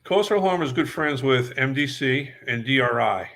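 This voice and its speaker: A man's voice: mid-range voice, lively intonation, moderate pace, vocal fry, a bit bright. An older man from New York, a guest musician, telling long stories in a rambling way and repeating words as he remembers. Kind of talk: casual storytelling interview.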